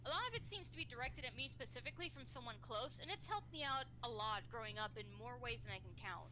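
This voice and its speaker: A woman's voice: a little high, expressive, quick pace, noisy background. A woman reading a comic aloud on a stream, acting out the dialogue and often stumbling over words. Her throat is bothering her. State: throat irritated, clears it often. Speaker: reader voicing comic characters. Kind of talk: casual read-aloud with a friend, acting out dialogue.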